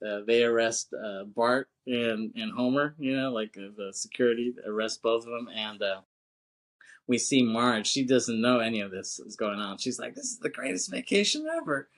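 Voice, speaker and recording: A man's voice: mid-range voice, fairly even intonation, normal speed. A man co-hosting a podcast, chatting casually about a film in a laid-back, slangy way, swearing and laughing often. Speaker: podcast co-host.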